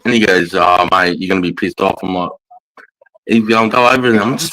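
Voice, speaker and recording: A man's voice: low-pitched, fairly quick, fairly bright tone, dry recording, rough recording. A man with an Australian accent, hosting a livestream and telling stories in casual, profanity-heavy chat. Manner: profane, storytelling, quotes mates' lines. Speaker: livestream host.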